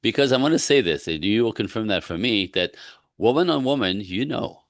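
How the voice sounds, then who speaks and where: Deep-voiced man telling animated stories. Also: fairly quick, no echo, clean studio sound. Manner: animated storytelling, acts out both sides of dialogue. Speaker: relationship coach. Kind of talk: casual podcast chat.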